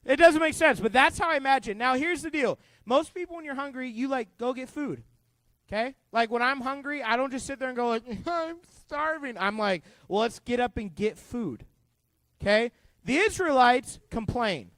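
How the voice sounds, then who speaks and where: A man with a strikingly high voice leads a youth group Bible lesson. He is animated and joking, full of asides and questions for the kids. The sound is dry, with no room echo. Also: a little fast. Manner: playful and joking, quizzing the kids. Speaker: youth pastor.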